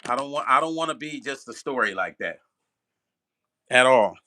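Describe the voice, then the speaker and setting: A man's voice: mid-range voice, expressive, normal speed, pushed and bright. A man hosting a live stream as a music producer. He chats loosely with viewers, repeats himself for emphasis and laughs at his own slips.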